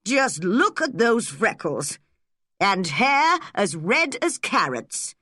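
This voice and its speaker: A woman's voice: medium pitch, very animated, takes it slowly, pushed and bright, no echo, clean studio sound, pitched above the performer's own voice, exaggerated voice. A woman reading an audiobook voices a nosy, blunt older village busybody who talks in a disapproving way.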